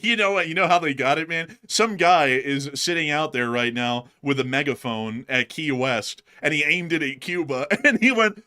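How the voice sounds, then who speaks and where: A man's voice: on the high side, normal speed, hardly any pauses, pushed and bright, clear, resonant tone. A man co-hosting a casual comedy chat, laughing often and acting out quotes in slangy talk. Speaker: co-host.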